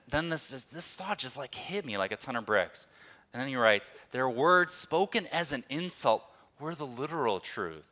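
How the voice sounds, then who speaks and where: Bright-voiced male pastor preaching. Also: medium pitch. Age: adult, old enough to be married. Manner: conversational, swinging from hushed to emphatic. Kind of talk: sermon.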